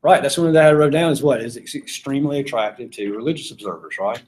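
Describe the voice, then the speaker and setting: A man's voice: medium pitch, animated, quick pace, darkish tone, poor audio. A man with a Southern US accent from Georgia, giving an informal philosophy lecture, chatty and quizzing the class. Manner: chatty, asks the class questions, laughs often. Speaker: philosophy teacher.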